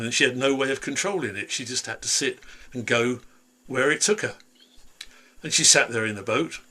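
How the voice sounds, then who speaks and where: A man telling a traditional folk tale aloud in a lively, dramatic way over a video call, from a home room. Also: medium pitch, breathy edge. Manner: lively, dramatic, voices characters. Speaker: storyteller. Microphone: computer mic on video call.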